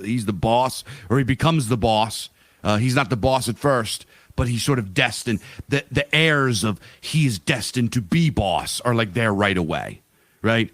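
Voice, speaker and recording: A man's voice: medium pitch, no room sound. A man co-hosting a podcast in casual chat, rambling and profane, breaking into voiced asides. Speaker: podcast co-host.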